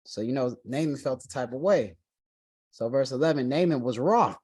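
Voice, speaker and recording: A man's voice: mid-range voice, expressive, moderate pace, darkish tone, husky, no echo. A man teaching a Bible study, reading scripture aloud and then retelling it in casual everyday slang.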